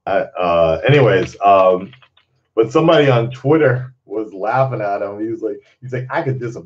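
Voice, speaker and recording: A man's voice: lowish voice, animated, moderate pace, lo-fi sound. Rambling, swearing man in casual chat. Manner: rambling, laughs often, swears freely. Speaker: channel host.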